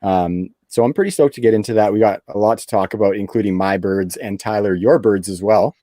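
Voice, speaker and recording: A man from Canada hosting a podcast, relaxed and easygoing, laughing readily between filler words. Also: lowish voice, fairly quick, no echo, clean studio sound. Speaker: podcast host. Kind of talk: casual podcast chat.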